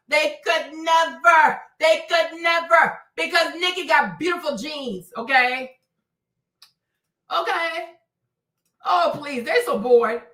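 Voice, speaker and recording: Woman host, high and lively, bright sharp voice, dramatic gossip with shrieks and Spanish asides, echoey room. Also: far from the mic. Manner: loud, dramatic, with shrieks and laughter; switches into Spanish phrases. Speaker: livestream host. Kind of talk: casual gossip commentary.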